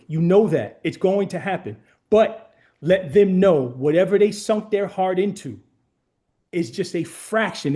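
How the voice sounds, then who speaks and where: Earnest man with a mellow voice. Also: sits high. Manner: earnest, emphatic repetition. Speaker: guest speaker, former runner. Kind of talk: heartfelt motivational talk.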